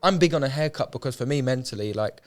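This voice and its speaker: A young man's medium-pitched voice comes through fast and animated as he relates his story during an emotional podcast interview. He founded a homeless charity, and his delivery is heartfelt, earnest and casual, often repeating phrases to drive points home.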